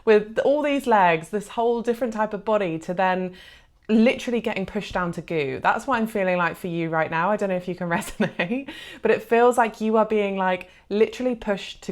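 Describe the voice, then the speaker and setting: A woman giving a gentle, reassuring pick-a-card tarot reading, heartfelt and full of soft fillers. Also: medium pitch, brisk. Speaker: tarot reader.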